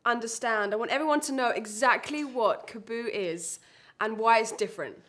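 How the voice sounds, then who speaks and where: Bubbly woman host, higher voice. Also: normal speed, a bit bright. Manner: bubbly, effusive, interjects often. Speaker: interview host. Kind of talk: casual interview chat.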